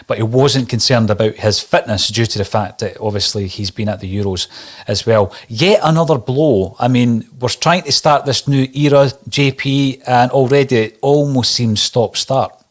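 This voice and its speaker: A man's voice: medium pitch, moderate pace. A man hosting a casual football podcast, upbeat and playful with words. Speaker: podcast host.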